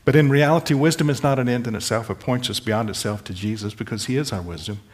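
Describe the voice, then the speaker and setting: A man's voice: medium pitch, fast. A man preaching a sermon, earnestly pleading with listeners and restating scripture in plain words. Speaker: pastor.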